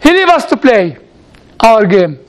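A man, a priest, gives a storytelling sermon in a halting way, with frequent restarts and playful asides. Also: very high voice, big pitch swings.

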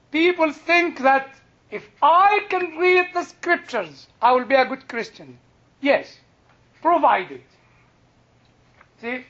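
An older man with a husky yet strikingly high voice gives a slow, unhurried church lesson to a class, leaning on each phrase for emphasis. The recording sounds dull and lo-fi. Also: fairly bright tone. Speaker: Christian teacher. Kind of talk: lecture to a class.

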